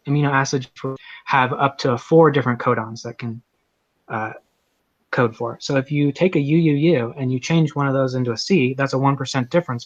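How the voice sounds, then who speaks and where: A man's voice: mid-range voice, dry recording. Man explaining genetics over dull dry audio. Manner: explains in technical detail. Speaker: debater. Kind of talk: technical debate answers.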